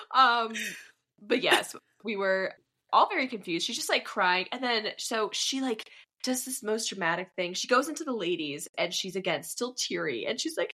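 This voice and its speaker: A woman co-hosting a casual recap podcast, talking fast and slipping into high mocking voices when she quotes people. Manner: animated, jumps into high mock voices for quotes. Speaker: podcast co-host.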